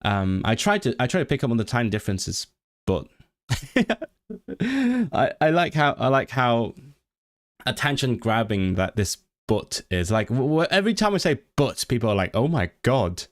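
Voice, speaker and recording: A man's voice: medium pitch, sing-song, moderate pace. A man whose first language is Cantonese, hosting a casual livestream chat, rambling with many restarts and reading chat messages aloud. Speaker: livestream host.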